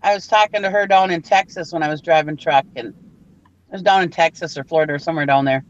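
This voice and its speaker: On a live hangout, a truck driver and reseller from Minnesota talks in a relaxed, chatty way, her northern Minnesota accent clear and her stories broken up by frequent laughter. She has a low voice and talks fast, and the recording sounds dull.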